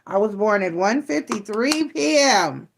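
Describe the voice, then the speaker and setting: A woman's voice: mid-range voice, expressive, a little slow, creaky, noisy background. A middle-aged woman hosting a tarot channel, chatting casually and playfully with her viewers, full of teasing asides. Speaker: tarot reader and channel host.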